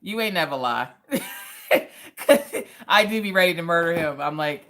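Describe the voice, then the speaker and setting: A woman's voice: deep voice, animated, normal speed, a bit bright. A woman hosting a casual craft livestream, chatting playfully, laughing often and reading viewer comments aloud. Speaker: livestream host.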